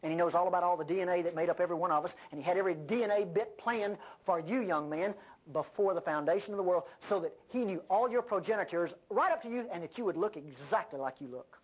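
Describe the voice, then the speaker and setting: An older woman preaching a sermon, with an animated delivery and folksy asides. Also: fairly low pitch, quick pace, breathy edge. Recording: dull lo-fi sermon recording.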